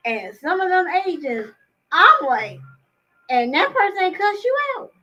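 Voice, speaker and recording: A woman's voice: very high-pitched, very animated, measured pace, sharp tone, lo-fi sound. A woman co-hosting a casual talk show, chatty and full of fillers. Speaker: co-host. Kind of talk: casual chat.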